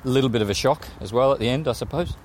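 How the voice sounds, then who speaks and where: Man, mid-pitched, easygoing film chat, loud street noise. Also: fast. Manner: laid-back, swears casually. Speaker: film discussion co-host. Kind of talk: casual chat while walking. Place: city street outdoors. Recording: street noise from passing traffic. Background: traffic noise.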